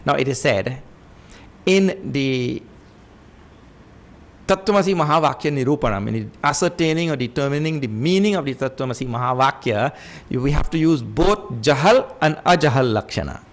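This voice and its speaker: A man's voice: medium pitch, moderate pace. A man teaching scripture in a lecture, repeating key points and acting out stories. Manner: animated teaching with acted-out stories.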